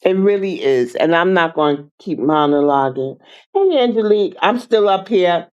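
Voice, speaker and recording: A livestream host talking slowly, sounding weary and indignant. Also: medium pitch, lively intonation, smooth, highs cut off. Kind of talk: livestream talk.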